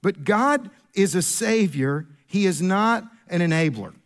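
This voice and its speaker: A man preaching from the pulpit in a high, lifted voice. He presses his points hard and repeats phrases as he builds. At times he drops to a quiet hush. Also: animated, a little slow. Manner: emphatic, repeats phrases and restarts, swings from raised voice to near whisper. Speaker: pastor. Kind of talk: sermon.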